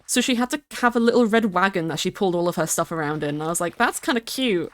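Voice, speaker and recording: A woman's voice: fairly low pitch, expressive, very fast. A woman streamer chatting casually and rambling while she plays, swearing now and then and reading her chat aloud. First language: English.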